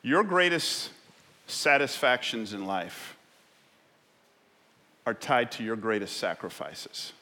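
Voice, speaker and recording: A man's voice: fairly low pitch, animated, slow, long pauses, bright, forceful tone, long reverb tail. A man preaching a sermon as a pastor in a church, impassioned and stumbling over restarts as he presses his points.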